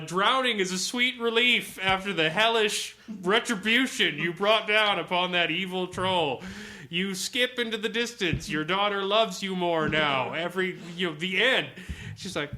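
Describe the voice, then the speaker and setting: Brief: animated male podcast storyteller, piercingly bright tone, fairly high voice, quick laughs. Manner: animated, laughing, acts out dialogue. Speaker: podcast co-host and game master. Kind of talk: casual anecdote telling.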